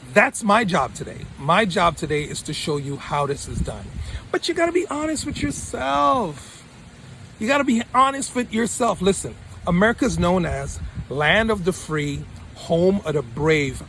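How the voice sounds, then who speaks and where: A man's voice: high voice, vocal fry, fairly bright tone, slight background noise. A male mentor giving a motivational talk to camera, emphatic and repeating his points for punch. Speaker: study-abroad mentor.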